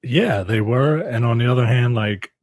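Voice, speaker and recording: A man's voice: mid-range voice, normal speed, no room sound. A man co-hosting a podcast in casual chat, rambling and swearing. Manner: rambling, swears, acts out quotes. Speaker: podcast co-host.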